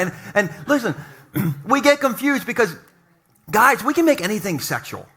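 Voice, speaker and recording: Man preaching, high bright voice, joking with the congregation, casual sermon, church sanctuary. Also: sing-song, moderate pace. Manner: joking, conversational, talks to the congregation. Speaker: pastor. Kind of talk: humorous sermon.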